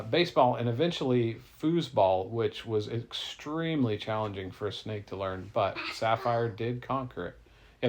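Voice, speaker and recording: A man's voice: mid-range voice, vocal fry. A man improvising a playful, rambling bedtime story for a child. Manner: playful, rambling, easily corrected.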